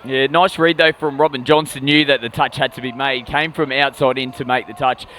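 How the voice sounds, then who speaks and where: Man, color commentator, analytical, measured, mid-range pitch, faint outdoor hum. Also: steady tone, pushed and bright. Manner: measured, analytical breakdown of plays. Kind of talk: live sports commentary. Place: outdoor sports venue.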